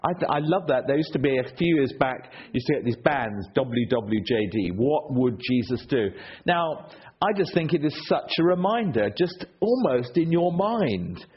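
A man preaching a sermon, telling stories with a rhetorical delivery that swings between loud and hushed. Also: mid-range voice, expressive, moderate pace, slightly rough. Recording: dull lo-fi recording.

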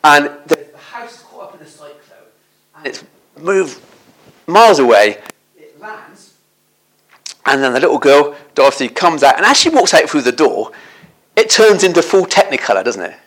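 Man, preacher, storytelling sermon, animated, swooping delivery, slightly high voice. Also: moderate pace, long pauses. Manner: animated, asks the listeners tag questions.

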